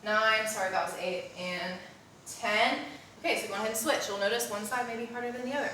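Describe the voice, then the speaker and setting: A woman's voice: on the high side, fairly quick, sharp tone, slight background noise. Breathless woman coaching a workout. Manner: coaching, cues breathing and reps, frequent "okay?". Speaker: postpartum fitness instructor. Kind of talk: live workout instruction. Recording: very echoey room, mic at a distance.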